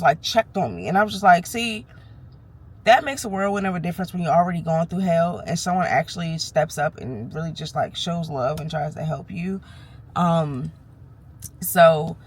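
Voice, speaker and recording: A woman vlogging candidly while nervous, telling a fired-up, frank story with cursing. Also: fairly low pitch. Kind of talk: candid vlog. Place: parked car or doctor's office.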